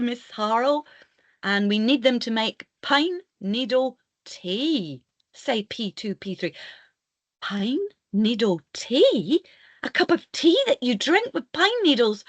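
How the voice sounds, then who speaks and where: Lady storyteller doing a live kids lesson, animated, slow and bouncy, dry close mic. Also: mid-range voice, dry recording. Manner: animated, reads out and praises class answers.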